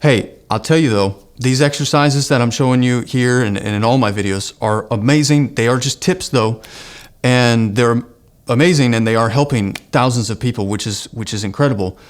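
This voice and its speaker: Male vocal coach, earnest and encouraging, mid-pitched voice, online singing lesson. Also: normal speed. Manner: earnest, encouraging, breaks into sung exercise demos. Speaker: singing teacher.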